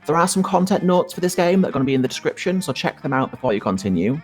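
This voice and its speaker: Woman hosting a gaming stream, voice all over the place, reads the game text out loud, bit of music behind. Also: low-pitched, racing. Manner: lively, playful, reads out game narration. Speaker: host. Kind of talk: reading game text aloud with friends.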